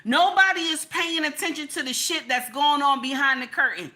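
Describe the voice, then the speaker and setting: A woman's voice: high-pitched, moderate pace, sharp tone. A woman, hosting a livestream and lecturing her chat in an emphatic, repetitive way. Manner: preachy, repetitive, emphatic, says "okay?" often. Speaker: livestream host.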